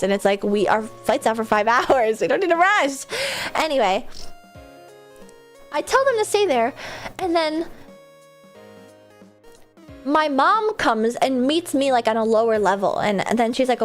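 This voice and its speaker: A young woman streaming, telling a rambling story in casual chat, full of "like"s and high squeaky laughing bursts. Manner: animated, jumps into high squeals when laughing.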